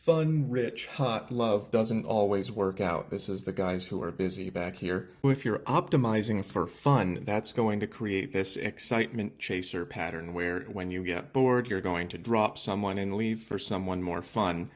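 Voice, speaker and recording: A man with a fairly low voice narrates an explainer about dating, walking through a chart point by point. His delivery is dry and matter-of-fact. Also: a little slow, hardly any pauses.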